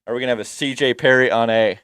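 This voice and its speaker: A man's voice: medium pitch, steady tone, fast, a bit bright, smooth, no echo, clean studio sound. A man co-hosting a wrestling podcast, chatting casually and rambling through opinionated takes with a teasing streak. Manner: rambling, teasing, breaks into mock wrestler voices.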